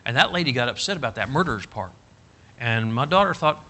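A middle-aged man preaching a storytelling sermon, folksy and animated, rising to loud emphatic bursts. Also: mid-range voice, fast talker. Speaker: pastor.

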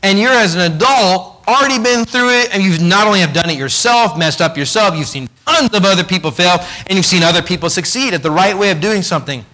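A man's voice: high-pitched, lively intonation, a little fast, few pauses, bright, forceful tone. A man preaching a sermon in a conversational way, acting out the voices of the people in his stories. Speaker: pastor.

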